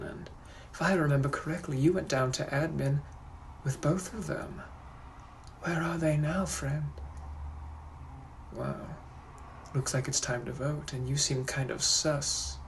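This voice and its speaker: A man voicing a suave, menacing 1800s British gentleman with a British accent, in whispered role-play, purring and teasing. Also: on the high side, measured pace, gravelly, a little hiss or hum. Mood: mock outrage.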